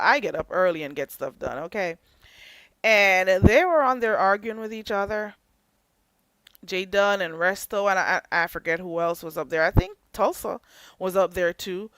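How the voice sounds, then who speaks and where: A woman hosting a livestream, chatting casually to her viewers with animated outbursts and playful asides. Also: dry recording. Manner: animated, chatty, drifts between low asides and loud outbursts; slips into Jamaican patois for comic effect. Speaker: livestream host. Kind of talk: casual commentary to live chat.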